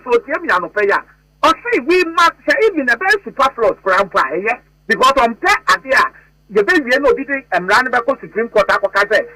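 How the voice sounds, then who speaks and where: A man's voice: very high-pitched, pushed and bright. Emphatic Ghanaian man on a phone line. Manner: emphatic, mixes Twi and English. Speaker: politician. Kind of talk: phone-in radio interview.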